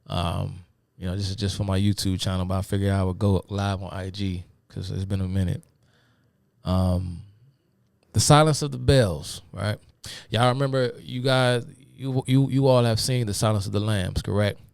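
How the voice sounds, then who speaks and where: Male host, casual lecturer who wanders and fills pauses; very low voice, dry close recording. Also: steady tone, vocal fry, smooth, dry recording. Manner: rambling, many fillers, addresses viewers as y'all. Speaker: host of a live talk stream. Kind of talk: casual live-stream lecture.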